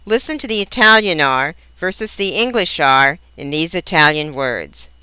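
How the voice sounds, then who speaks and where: A woman teaching a language lesson in scripted narration, pronouncing each example word slowly and carefully. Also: low-pitched, lively intonation, pushed and bright, smooth, no room sound. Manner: slow, careful, precise enunciation of example words.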